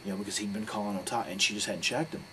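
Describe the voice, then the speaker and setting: With steady noise humming beneath him, a professional wrestler rambles through a story in a frank interview, blunt and full of swearing. His voice is lowish and his pace quick.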